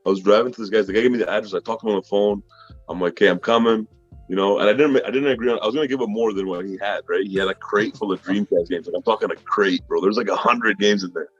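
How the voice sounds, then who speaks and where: A man who is a guest reseller, telling animated, profane stories in a casual chat and acting out quotes loudly. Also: lowish voice, rapid-fire, husky, no echo, dull audio, soft background music.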